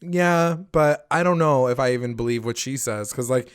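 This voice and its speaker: A man's voice: mid-range voice, clean tone, no room sound. Profane man recapping in a dry room. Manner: loose and profane, acting out characters' lines in quick voices. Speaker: podcast co-host. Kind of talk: casual chat recapping a TV episode.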